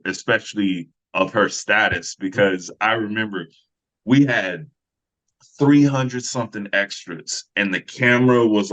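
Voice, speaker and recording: A man in his thirties, an actor and fight coordinator, chatting casually in a podcast interview and telling stories with acted-out voices. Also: lowish voice. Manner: relaxed storyteller who acts out other voices. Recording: slightly dull lo-fi sound.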